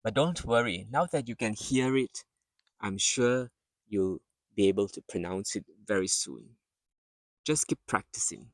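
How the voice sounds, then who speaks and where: A man's voice: on the low side, lively intonation, measured pace, no echo. A man teaching English pronunciation outdoors among trees, patiently repeating words to demonstrate sounds. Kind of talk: pronunciation lesson.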